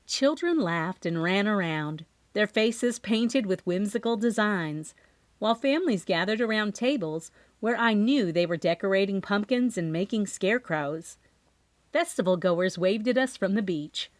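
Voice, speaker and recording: A woman reads a cozy mystery aloud in the first person, her pitch rising and falling with lively expression. Her voice sits in a middle register. The recording is dry and close, with no room sound behind her. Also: a little slow, no room sound. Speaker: audiobook narrator. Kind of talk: scripted narration.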